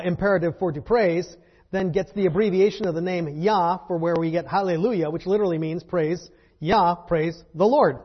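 A man's voice: sits high, breathy edge, highs cut off. A man teaching a Bible lesson to a group in a conversational, wry way, with fillers and rhetorical questions.

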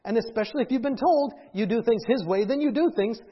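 A man's voice: very high voice, fast, breathy edge, lo-fi sound. A man preaching a conversational sermon who keeps asking the congregation questions and tagging on "right?". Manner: conversational, asks the audience questions, often adds "right?". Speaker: pastor.

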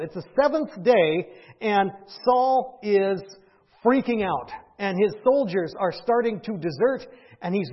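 A pastor delivers a conversational sermon, repeatedly posing questions to the congregation and tacking on "right?". His voice is high-pitched and slightly rough, with the highs cut off.

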